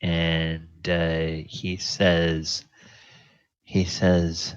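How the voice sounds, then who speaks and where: Slow, gravelly game master, man. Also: low-pitched, fairly bright tone, no echo. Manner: halting, full of ums and restarts. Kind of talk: narrating a tabletop game. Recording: slightly dull, dry audio.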